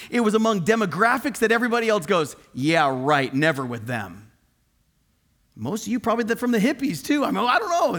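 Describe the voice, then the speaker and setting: A man preaching a sermon in an animated, conversational and emphatic way. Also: sits high.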